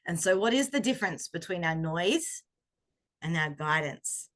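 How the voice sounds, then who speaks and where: A middle-aged woman coach giving a reflective talk on intuition, gentle and conversational, often pausing to search for words. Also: on the low side, lively intonation. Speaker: self-growth coach.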